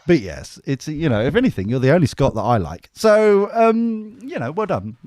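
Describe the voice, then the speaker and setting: A man's voice: a little high, very animated, normal speed, a little mellow, no room sound, studio quality. A man co-hosting a casual podcast, teasing his guest and laughing often. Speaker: podcast co-host. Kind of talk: casual banter.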